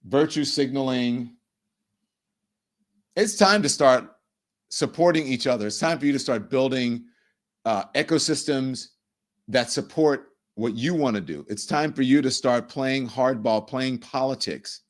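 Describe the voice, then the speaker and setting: A middle-aged man hosting a live political commentary stream, ranting in an animated, profane way. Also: mid-range voice, a little slow. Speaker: livestream host.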